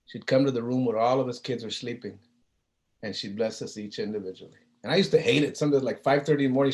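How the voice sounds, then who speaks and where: A man's voice: mid-range voice, quick pace, darkish tone. A man giving a keynote talk, telling stories in a humble, conversational way, with frequent fillers and restarts. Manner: hesitant, with many fillers and restarts. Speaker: keynote speaker.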